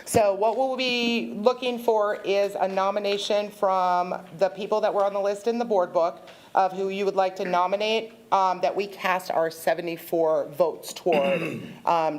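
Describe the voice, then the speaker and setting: Low-voiced woman chairing a board meeting. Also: fairly even intonation, a little mellow. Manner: informal, halting, with many ums.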